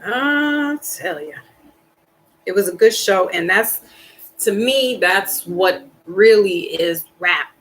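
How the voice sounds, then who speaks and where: A woman chats casually on her live stream in an animated, rambling way. Her talk is slangy and emphatic, her pitch sits mid-range, and she often breaks into a sigh or a laugh. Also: takes it slowly, a little hiss or hum, low-quality recording. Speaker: tarot reader and live stream host.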